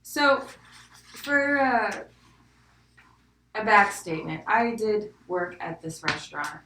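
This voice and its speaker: A woman's voice: medium pitch, expressive, slow, recorded from a distance, background noise. A young woman with a slight Southern American accent, co-hosting a podcast in a rambling, giggly chat. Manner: giggly, rambling, many likes. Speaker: podcast co-host. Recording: echoey room, off-mic.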